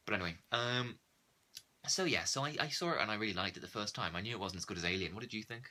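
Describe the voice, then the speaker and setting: Fast-talking sarcastic man. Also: lowish voice, lively intonation, pushed and bright, a little hiss or hum. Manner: sarcastic, acts out quoted characters. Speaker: podcast co-host. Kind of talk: casual film review chat.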